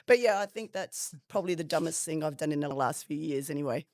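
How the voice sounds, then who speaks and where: A woman's voice: low voice, fast talker, no echo, studio quality. Cheeky laughing woman telling stories. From Philippines. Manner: cheeky, laughing, animated storytelling. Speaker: podcast guest, padel player. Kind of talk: rapid-fire question interview.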